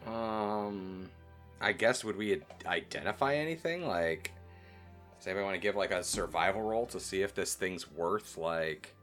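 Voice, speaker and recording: A man's voice: low voice, normal speed, a bit bright, soft background music. A man playing a tabletop game, talking in a rambling, casual way, swearing and saying "like" often. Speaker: player.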